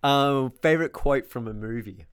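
A man interviewing a teenager in a casual chat, upbeat with quick reactions. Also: medium pitch, clear, resonant tone.

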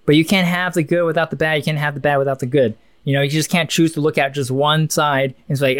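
A man's voice: on the high side, fairly even intonation, fast, few pauses, smooth, no room sound. A man co-hosting a casual podcast, thinking aloud in a musing, rambling way with many restarts. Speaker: podcast co-host.

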